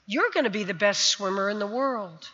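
A woman voicing a brusque male swim coach who yells at a kid. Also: medium pitch, expressive, normal speed, pitched below the performer's own voice. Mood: confident. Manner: yelling, brusque. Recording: dull sound, long hall reverb.

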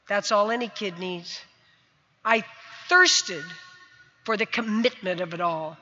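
On a stage, a woman in her sixties from the United States tells a vivid personal story in a medium-pitched, sharp voice, speaking slowly and pausing often. The sound is dull, with a long hall reverb.

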